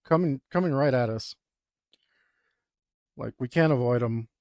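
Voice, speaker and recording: While drawing, a young man tells a casual, rambling, self-deprecating story packed with fillers. His mid-range voice is a little slow and darkish, captured in a clean studio with no echo.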